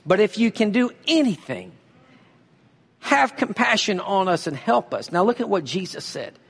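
A man preaching a sermon, reading scripture slowly and pressing his points with emphasis. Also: high voice, big pitch swings, vocal fry, husky, long reverb tail. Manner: emphatic preaching, reads scripture slowly, uses a volunteer for a demonstration. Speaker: pastor.

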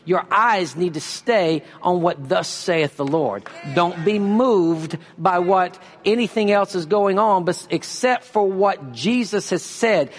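A man preaching a sermon, reading scripture slowly and pressing his points with emphasis. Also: sits high, in a large hall. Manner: emphatic preaching, reads scripture slowly, uses a volunteer for a demonstration. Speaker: pastor.

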